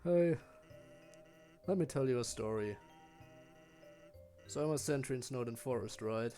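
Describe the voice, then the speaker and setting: A man voicing a laid-back, joking male skeleton sentry from a video game, reading the lines in a chill, unhurried drawl. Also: medium pitch, warm tone, faint music behind, natural voice. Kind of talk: reading game dialogue aloud.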